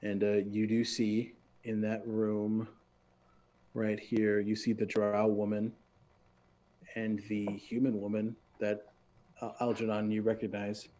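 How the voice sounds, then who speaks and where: A man narrating as game master in a relaxed way, often pausing with fillers. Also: lowish voice.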